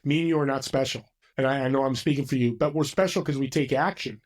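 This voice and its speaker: A man's voice: mid-range voice, quick pace. A man, a podcast guest, chatting casually and telling stories with acted-out voices. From California. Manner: animated storyteller, acts out voices. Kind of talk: casual conversation.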